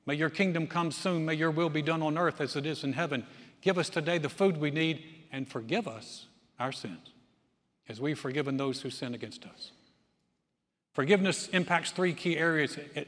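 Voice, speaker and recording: A man preaching a sermon as pastor, telling stories and acting out the people in them. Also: on the high side. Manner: animated storyteller, acts out quoted voices. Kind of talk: sermon with storytelling. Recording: long church reverb.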